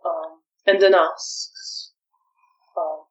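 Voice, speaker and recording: Woman storyteller, low voice, very slow, set back from the mic. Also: fairly bright tone, recorded from a distance, highs cut off. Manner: measured, hesitant with ums. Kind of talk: narrating a tabletop game.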